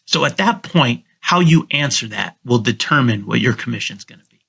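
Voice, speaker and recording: A middle-aged man, a guest real estate agent, talking casually in a podcast interview and confidently coaching how he pitches to sellers. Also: expressive, brisk, vocal fry, sharp tone, husky. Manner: confident, coaching tone, acts out his sales pitch.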